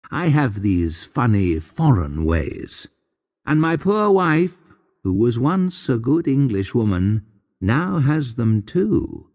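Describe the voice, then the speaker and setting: A man reading a humorous graded-reader story aloud in a dry, wry, deadpan narration. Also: on the low side, big-room sound. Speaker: audiobook narrator.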